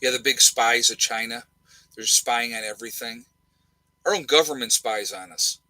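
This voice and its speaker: A man's voice: medium pitch, normal speed, bright, forceful tone, dry recording, low-quality recording. A middle-aged man from the United States co-hosting a livestream, talking bluntly and repeating his points for emphasis. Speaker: livestream co-host. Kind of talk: casual opinionated livestream chat.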